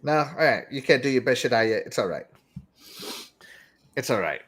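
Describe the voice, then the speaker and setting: A man hosting a casual gaming podcast, giggly and excitable, laughing through his lines. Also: medium pitch, normal speed, husky. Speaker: podcast host.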